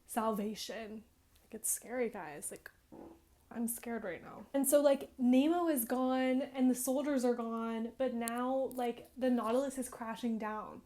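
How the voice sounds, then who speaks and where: A young woman in her twenties tells a game's plot to her viewers in a fairly high, bubbly voice. She fills nearly every phrase with "like" and builds up the drama breathlessly, as if reliving each twist. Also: steady tone, moderate pace, darkish tone. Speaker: gaming vlogger. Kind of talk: casual excited game retelling.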